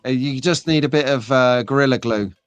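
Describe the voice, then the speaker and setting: A man's voice: mid-range voice, brisk, clean tone, dry recording, lo-fi sound, soft background music. A man hosting a live stream, chatting in a rambling, jokey way while reading out viewer comments. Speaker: host.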